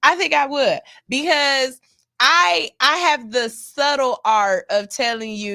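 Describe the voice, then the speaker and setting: A woman's voice: high voice, unhurried, sharp tone, no echo, studio quality. A woman hosting a morning radio show, chatting casually with loose, playful banter and cursing freely. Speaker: station engineer.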